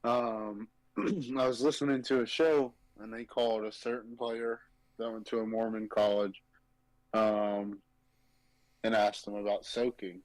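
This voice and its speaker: A man's voice: fairly low pitch, level tone, measured pace, dry recording, low-quality recording. A man co-hosting a sports betting podcast, ranting emphatically and profanely in casual chat. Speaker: podcast co-host.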